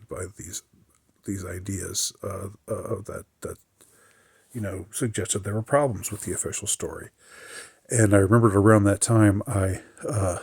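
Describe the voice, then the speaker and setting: Low, husky man talking in a halting way. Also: darkish tone, dry recording, studio quality. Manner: halting, many fillers and restarts; reflective, mildly aggrieved. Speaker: podcaster. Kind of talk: casual monologue.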